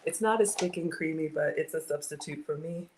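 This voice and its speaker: A woman's voice: low-pitched, brisk, background noise. A woman in her forties hosting a casual home cooking livestream from her kitchen, chatty and greeting viewers by name.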